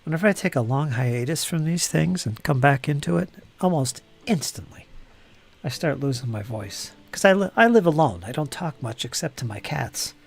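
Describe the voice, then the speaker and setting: A man with a gravelly, somewhat high voice chats casually on a live stream, muttering to himself as he works on models. His voice is getting hoarse. Faint music plays behind him. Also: lively intonation, normal speed. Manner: rambling, talks to himself while building models. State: losing his voice. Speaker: hobby streamer.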